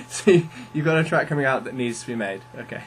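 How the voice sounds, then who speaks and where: A male interviewer with an ordinary mid-range voice keeps things loose, throwing out questions and gentle jokes. A faint hum runs underneath his voice. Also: medium pitch, sing-song, normal speed. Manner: laid-back, teasing questioner who laughs easily. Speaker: podcast host. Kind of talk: casual interview.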